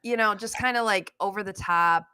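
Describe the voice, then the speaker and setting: A woman's voice: mid-range voice, normal speed, pushed and bright, clean tone, dry recording. A woman co-hosting a podcast, chatty and casual with many "like"s. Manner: chatty, lots of "like" and laughs. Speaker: podcast co-host. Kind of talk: casual chat.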